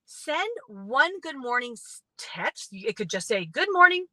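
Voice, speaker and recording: Upbeat chatty woman with a bright high voice. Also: very animated, slow, no echo, low-quality recording. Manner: chatty, upbeat, lots of "right?" and "you guys". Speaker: motivational speaker. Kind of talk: casual motivational talk to viewers.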